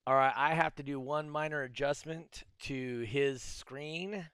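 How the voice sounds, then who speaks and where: A man hosting an interview show, talking in a relaxed, joking way over a video call. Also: fairly high pitch, measured pace, clean tone, no room sound, studio quality. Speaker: podcast host.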